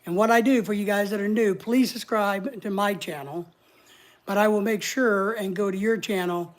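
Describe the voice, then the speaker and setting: A woman's voice: medium pitch, steady tone, moderate pace. A woman hosting a casual livestream, chatting in a rambling way and reading viewer comments aloud. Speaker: livestream host.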